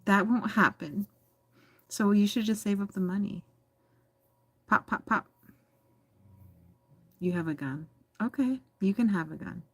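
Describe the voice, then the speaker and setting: A woman's voice: mid-range voice, moderate pace, husky, no echo. An American woman hosting a casual livestream, reading chat messages aloud with teasing, giggly chatter. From United States. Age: adult.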